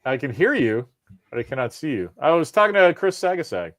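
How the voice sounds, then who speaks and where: A man's voice: a little high, sing-song, brisk, fairly bright tone, no room sound, clean studio sound. A middle-aged man hosting a live podcast over a video call, chatting casually and rambling with lots of jokes and restarts. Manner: rambling, self-interrupting, joking. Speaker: podcast host. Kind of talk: casual live-stream chat.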